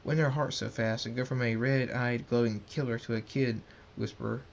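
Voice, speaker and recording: A man voicing a wary middle-aged army general and father in a read-aloud fan story, in a plain, halting way. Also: medium pitch, fairly even intonation, vocal fry, a little hiss or hum, close to an everyday voice.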